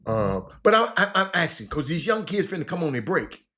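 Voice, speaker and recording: A man with a drawl hosts a casual stream, and his fairly high, very bright voice rambles along informally. He circles back on himself, repeating words and dropping slang as he talks to viewers. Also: very animated, fairly quick. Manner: repetitive, stop-start, informal slang. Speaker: livestream host.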